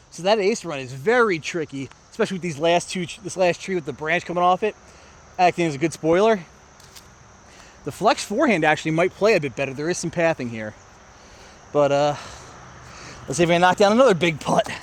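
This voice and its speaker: A man's voice: a little high, animated, fairly quick. An American man casually narrating his disc golf round outdoors, talking to viewers as he plays. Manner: chatty, self-narrating, talks to viewers. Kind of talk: casual play-by-play vlog. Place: outdoor park course.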